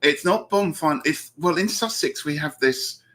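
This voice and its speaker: A man's voice: on the high side, animated, measured pace, fairly bright tone. A man with a Southern English accent hosting a casual live-stream chat, reading out viewer comments and laughing often. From England. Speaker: host.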